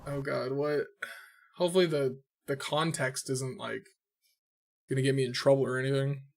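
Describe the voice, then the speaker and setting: A man's voice: medium pitch, fairly even intonation, normal speed, creaky. A man streaming a game, loosely joking, swearing often and reading game dialogue aloud. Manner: loose, swears a lot, jokey. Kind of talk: casual let's-play commentary with read-aloud game dialogue.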